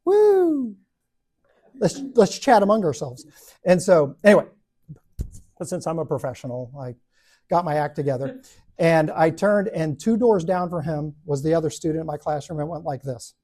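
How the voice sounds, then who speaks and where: A man's voice: a little high, moderate pace. A man teaching a Bible study group, telling a classroom story with lots of energy and acting out the voices of the people in it. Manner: animated, acts out voices and laughs at own stories.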